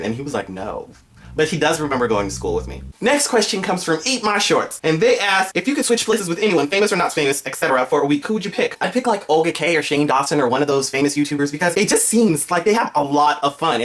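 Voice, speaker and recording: A young man in a casual vlog, reading out viewer questions and answering them in a chatty, self-deprecating way. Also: mid-range voice. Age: young adult. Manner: chatty, self-deprecating, reads questions aloud in a bright lilt.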